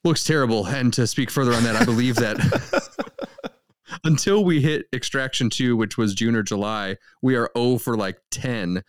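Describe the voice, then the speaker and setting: A man co-hosting a casual film podcast, joking wryly with quick asides. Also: mid-range voice, a little hiss or hum. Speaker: podcast co-host.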